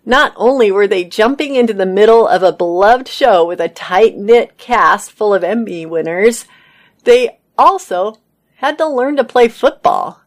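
A woman's voice: medium pitch, animated, measured pace. Woman reading entertainment news aloud.

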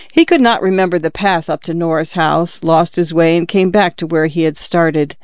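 Man with a higher voice reading a story out slow and measured, dull dry audio. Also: dry recording. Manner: measured, literary. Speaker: narrator. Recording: dull, dry, slightly lo-fi recording.

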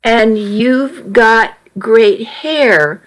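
A woman voicing an easygoing teenage boy who teases his best friend in a calm, matter-of-fact way. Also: fairly high pitch, very slow, low-quality recording.

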